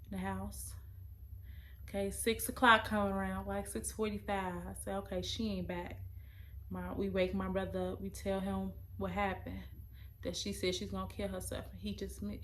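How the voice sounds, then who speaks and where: A young adult woman, telling a personal story in a casual, emotional, halting way. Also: medium pitch, a little hiss or hum.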